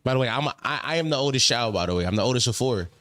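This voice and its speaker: A man's voice: mid-range voice, animated, racing, fairly bright tone, slight background noise. A young man hosting a casual reaction stream, ranting in a profane, repetitive way.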